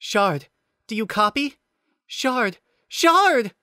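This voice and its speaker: Man doing a high worried lady AI, urgent, bright sharp tone, storybook reading. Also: measured pace, no room sound, clean studio sound. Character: anxious female AI agent.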